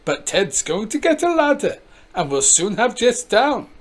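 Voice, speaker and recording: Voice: medium pitch, big pitch swings, measured pace, voice pushed up. A storybook reader voicing an earnest village postman pleading his case.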